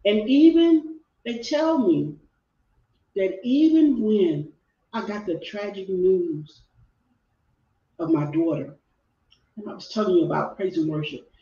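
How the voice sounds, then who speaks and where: A woman's voice: mid-range voice, lively intonation, takes it slowly, pauses often, mellow. A middle-aged woman from Texas, a life coach guest telling a heartfelt personal story and repeating phrases for emphasis. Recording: roomy, distant, dull video-call audio.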